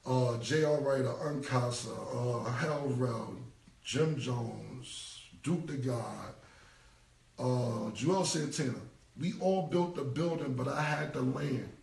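A man's voice: medium pitch, takes it slowly, gravelly, a little mellow. A forty-year-old man, talking bluntly and repetitively in heavy slang as an interview guest. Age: 40s. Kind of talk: casual interview talk. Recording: roomy, distant from the mic.

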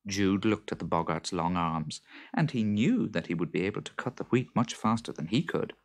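A storyteller reading a folk tale aloud in an expressive, dramatic manner. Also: sits low, moderate pace.

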